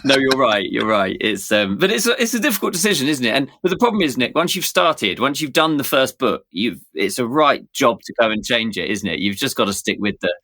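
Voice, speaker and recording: A man's voice: mid-range voice, sing-song, brisk, few pauses, pushed and bright, no echo. A man with a British accent, a guest author in casual podcast chat, often adding tag questions. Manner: chatty, lots of tag questions.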